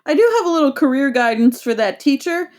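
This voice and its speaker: A woman co-hosts a movie podcast and makes her points in a wry, matter-of-fact way. Her voice sits a little high. She speaks in easy, casual conversation. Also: lively intonation, a little fast, a little mellow. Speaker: podcast co-host. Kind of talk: casual chat.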